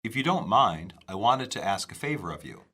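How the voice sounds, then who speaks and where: A man reading scripted dialogue for an English lesson, slow, clear and careful. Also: fairly low pitch, sing-song, pushed and bright.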